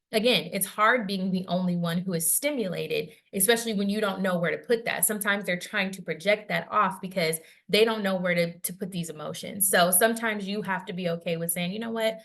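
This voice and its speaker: A woman's voice: mid-range voice, vocal fry, a bit bright. A woman leads a wellness workshop in a conversational way, often checking in with "right?" and acting out quoted inner voices. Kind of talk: interactive workshop talk.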